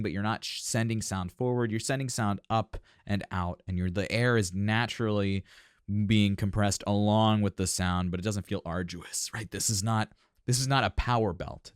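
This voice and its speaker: Deep smooth-voiced male vocal coach. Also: no room sound, clean studio sound. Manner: explains technique analytically, thinks aloud. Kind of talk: music reaction commentary.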